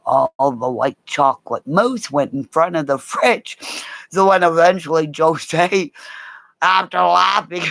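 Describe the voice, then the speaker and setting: A woman's voice: fairly low pitch, vocal fry, no room sound. A middle-aged woman telling rambling personal stories in a casual, profane way, laughing as she goes. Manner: animated, swears a lot, laughs mid-story. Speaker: storyteller.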